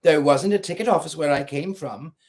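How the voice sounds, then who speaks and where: A man's voice: on the high side, a little fast, a little mellow, lightly acted. A man voicing a polite, anxious young girl in a storybook reading.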